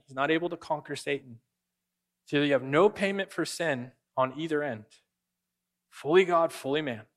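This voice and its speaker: Guy preaching, keeps throwing questions at the crowd and answering them, kinda high voice. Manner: animated, asks the congregation questions and answers them. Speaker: pastor. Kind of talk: sermon.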